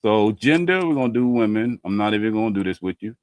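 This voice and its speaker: A podcast host chats casually with friends on a video call, leading a lighthearted dating quiz full of teasing and loose slang. He talks fast in a low, darkish voice with lively intonation, and the recording is dry.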